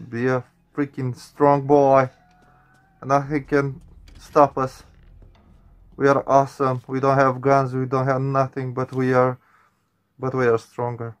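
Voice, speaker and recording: A man's voice: medium pitch, little pitch movement, a little slow. A man hosting a gaming channel, reacting to a horror game with jumpy, swearing commentary addressed to his viewers.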